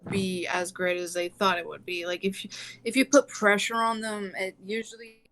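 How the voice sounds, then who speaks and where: A woman's voice: medium pitch, a bit bright. A woman guest speaking casually on a stream, answering in a hesitant, plainspoken way. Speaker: guest artist.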